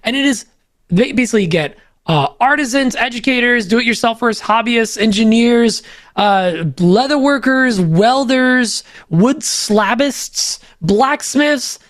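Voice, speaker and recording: A high-voiced man, a native Polish speaker, reads sponsor spots on a podcast in an upbeat, joking way. He talks loosely, with plenty of fillers, and sounds dry and close to the mic. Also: lively intonation, unhurried, a bit bright, no echo. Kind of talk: casual ad read on a podcast.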